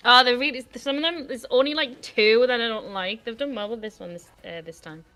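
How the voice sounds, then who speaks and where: A woman playing a game with a friend, chatting in a giggly, animated, blunt way. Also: a little high, a little fast, faint music behind. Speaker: gaming co-player. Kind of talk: casual gaming chat.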